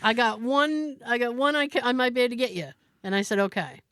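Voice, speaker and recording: Lively high-voiced woman telling a story. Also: fast, clean tone, no echo, clean studio sound. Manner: animated, acts out the people in her story. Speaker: podcast co-host. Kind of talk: casual storytelling chat.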